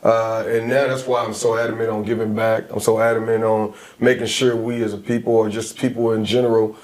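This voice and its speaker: A man's voice: lowish voice, a little fast. Emphatic man telling stories as a guest. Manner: emphatic, animated storytelling. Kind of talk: casual interview conversation.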